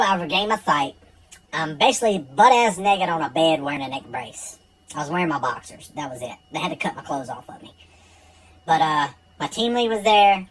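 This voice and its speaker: A man tells a true personal story in a relaxed, casual way, blunt and full of profanity. His voice moves up and down a lot as he goes. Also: a little high, rough recording.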